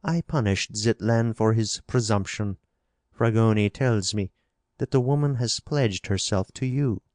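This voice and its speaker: A man's voice: lowish voice, a little mellow, no echo, studio quality, natural voice. A man voicing a stern alien patriarch. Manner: stern and measured. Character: stern old alien ruler, father, commanding.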